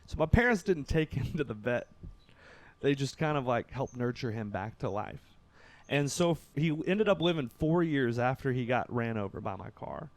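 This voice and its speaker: Young man, podcast storytelling, lively swooping voice, dry close sound. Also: medium pitch, moderate pace, no echo. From Kentucky, USA. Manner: animated, acts out quotes, laughs through the telling. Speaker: podcast guest.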